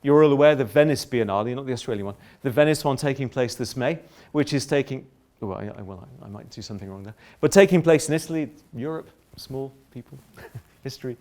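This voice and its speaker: A middle-aged man giving a public lecture, polemical and lively, often breaking off into asides and restarts. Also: medium pitch, fast talker. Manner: animated, polemical, self-interrupting with asides.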